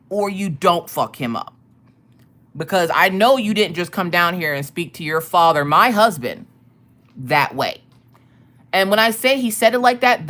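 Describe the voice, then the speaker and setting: Animated, profane woman telling a story. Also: fairly low pitch. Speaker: streamer and craft channel host. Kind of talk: casual storytelling chat.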